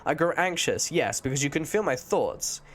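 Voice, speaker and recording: A man voicing an ancient disembodied echo spirit in an improvised live-stream role-play, speaking in slow, formal, archaic phrasing. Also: on the high side, animated, a bit bright. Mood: wary.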